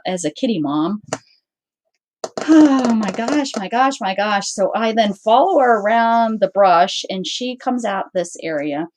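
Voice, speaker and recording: A woman hosting her own channel, casually telling a story to her viewers, acting out what everyone said and restarting her sentences often. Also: mid-range voice. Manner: animated, acts out quoted dialogue; rambling with frequent restarts. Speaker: channel host.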